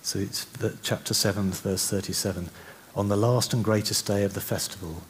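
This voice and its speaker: Deep-voiced male preacher, conversational sermon delivery, faint background noise. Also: steady tone. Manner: conversational, with restarts, slowing to soft reflective passages.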